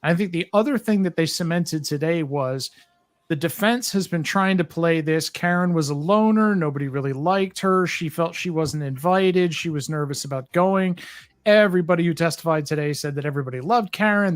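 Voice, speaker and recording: A man's voice: fairly high pitch, fairly quick, dry recording. Dry-sounding man with wry commentary. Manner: wry, mocking. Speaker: co-host. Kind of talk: casual livestream commentary.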